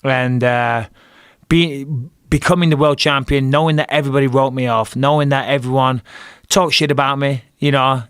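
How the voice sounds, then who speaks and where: A man's voice: medium pitch, steady tone, moderate pace, fairly bright tone, clean tone, no echo, clean studio sound. A middle-aged man from England with an English accent, telling a fight story in casual talk, swearing and acting out his own lines. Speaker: guest, retired fighter.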